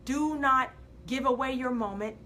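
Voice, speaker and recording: A woman hosting a live inspirational video, preaching with big swings from loud to soft and reading viewer comments aloud. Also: sits high, moderate pace, a little hiss or hum. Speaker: host of a live faith and life coaching show.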